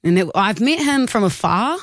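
A young woman, co-hosting a radio show in a studio, chatty and quick to laugh. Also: medium pitch, very animated, no room sound. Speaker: radio co-host. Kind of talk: casual on-air banter.

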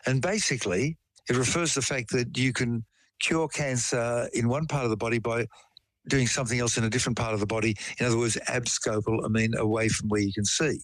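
A man chats casually, breaking down medical terms with homely examples and spinning a case story. His voice sits in a middle pitch, recorded close and dry with no room sound. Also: steady tone, a little fast, no echo, rough recording. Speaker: science explainer. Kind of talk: casual chat.

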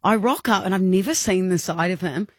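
A woman co-hosting a radio show, telling a story in casual chat with animated delivery and bursts of laughter. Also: lowish voice, fairly quick, slightly rough, dry recording, studio quality. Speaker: radio co-host.

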